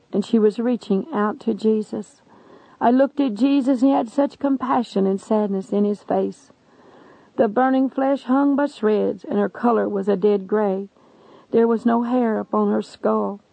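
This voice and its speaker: A woman's voice: fairly high pitch, measured pace, vocal fry, mellow, no room sound. A woman preacher giving an earnest, imploring testimony sermon. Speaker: evangelist. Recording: dull lo-fi recording.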